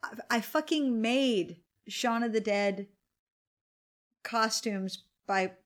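A woman in her forties with a slightly high voice chats casually on a podcast over a glass of wine. She talks candidly, grumbles about her day and swears freely. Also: slow pace. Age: 40s. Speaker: podcast co-host.

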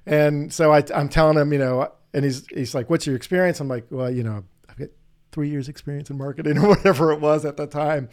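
A man's voice: fairly high pitch, a little fast, clean tone. Rambling, storytelling male host. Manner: rambling storyteller, animated anecdotes. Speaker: podcast host. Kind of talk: casual interview chat.

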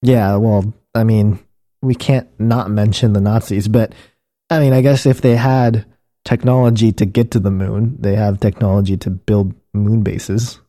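A man's voice: lowish voice, steady tone, measured pace, dark tone, no room sound, studio quality. A man co-hosting a casual podcast, joking in a laid-back way with frequent restarts. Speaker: podcast co-host. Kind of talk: casual conspiracy-theory chat.

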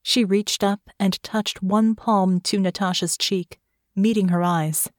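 A woman giving scripted fantasy narration for an audiobook in a measured, steady way. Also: medium pitch, no room sound, clean studio sound.

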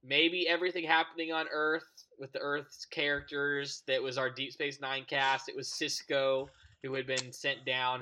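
Very bright, enthusiastic male podcaster. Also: mid-range voice, little pitch movement. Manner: enthusiastic, agreeable, quick to laugh. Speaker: podcast co-host. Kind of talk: casual fan discussion.

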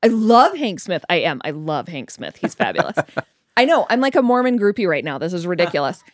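A woman chatting casually and telling a story, acting out quoted dialogue in a higher voice. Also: very animated, brisk, no echo, clean studio sound.

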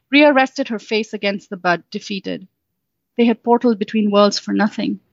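A woman summing up her story, then reading it aloud as storybook narration in a soft, unhurried way. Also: medium pitch, gravelly, dry recording. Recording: dull, dry sound.

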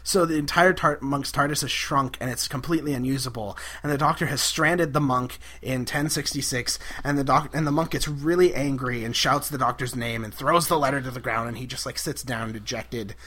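A man's voice: medium pitch, brisk, few pauses, bright, forceful tone. A man co-hosting a podcast, recapping an episode in casual chat, enthusiastic and giggly with lots of fillers. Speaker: podcast co-host.

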